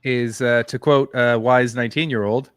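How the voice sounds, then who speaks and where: A man's voice: medium pitch, fairly even intonation, normal speed, clean tone, no echo, soft background music. A man hosting a chat, reading old messages aloud and laughing often as he reads. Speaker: host. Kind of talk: comic reading aloud with banter.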